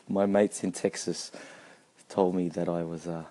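A man's voice: low voice, warm tone. A man hosting a podcast, rambling casually and chuckling as he mixes in Tagalog phrases. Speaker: podcast host. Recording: music playing under the voice.

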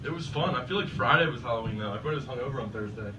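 A man's voice: medium pitch, expressive, rapid-fire. A man guesting on a podcast, telling rambling, profane stories in a laid-back way. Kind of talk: casual storytelling. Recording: dull, distant mic with faint noise.

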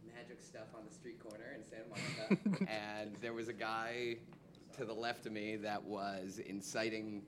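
Relaxed low-voiced man guest. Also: moderate pace, crowd noise. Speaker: guest magician. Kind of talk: casual interview chat.

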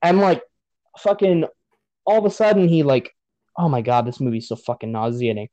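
A man's voice: medium pitch, moderate pace, warm tone, no echo, muffled recording. A man on a podcast giving a profane, sarcastic rant about a movie in casual chat. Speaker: podcast host.

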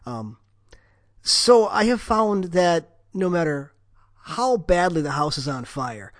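A man in casual conversation who works in phone software support and talks expressively. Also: a little high, slow pace, no room sound, studio quality. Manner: expressive, lively, laughs easily. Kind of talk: casual chat.

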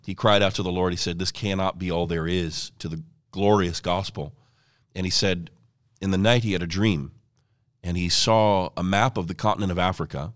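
A man's voice: low-pitched, a bit bright, dry recording, studio quality. A man, an evangelist being interviewed, telling a story in an earnest, fluent way. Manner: earnest, fluent storyteller who quotes others. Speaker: evangelist guest. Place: ministry headquarters office.

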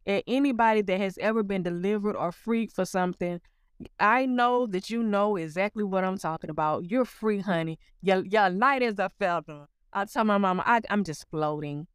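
A woman's voice: medium pitch, moderate pace, clear, resonant tone, no room sound, studio quality. A woman giving a personal spiritual testimony in an earnest way, calling the listener honey. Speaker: testimony speaker.

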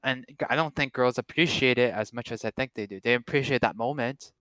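A man's voice: medium pitch, a little fast, sharp tone, no echo. A young man chatting casually about his past relationships, joking and rambling with many fillers and restarts. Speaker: guest.

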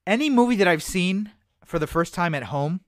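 A man's voice: high voice, normal speed, dry recording, studio quality. A man co-hosting a movie podcast, chatting casually and emphatically, repeating his points. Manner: animated, emphatic, repeats phrases. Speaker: podcast co-host.

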